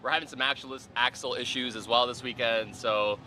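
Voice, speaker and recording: A man being interviewed about his race car, relaxed and thankful. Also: medium pitch, brisk, slight background noise. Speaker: race driver. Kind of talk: casual interview. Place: outdoors in pit garage.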